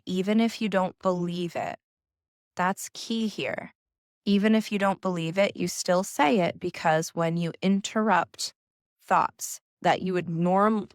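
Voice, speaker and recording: Woman, young adult, gentle wellness coach, unhurried and soothing. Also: on the low side, no echo, clean studio sound. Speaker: nervous system coach. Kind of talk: calm instructional talk.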